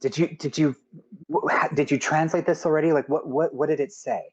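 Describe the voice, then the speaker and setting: A woman's voice: low-pitched, steady tone, brisk, husky, highs cut off, pitched above the performer's own voice. Stella, an eager stammering scholar, put on by a man. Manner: stammering, eager thinking aloud. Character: quick-witted woman scholar, excitable.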